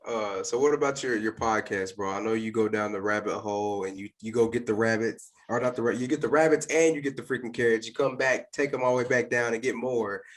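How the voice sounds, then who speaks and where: A man's voice: fairly low pitch, quick pace, hardly any pauses. Joking man talking bro slang. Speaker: co-host. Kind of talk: casual chat.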